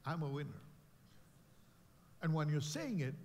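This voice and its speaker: Man preaching in a church sanctuary, high and animated, booming into the hall's reverb. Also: measured pace, pauses often. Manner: rising to shouted declarations, then dropping to low emphatic lines. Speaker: pastor. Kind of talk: preaching a sermon.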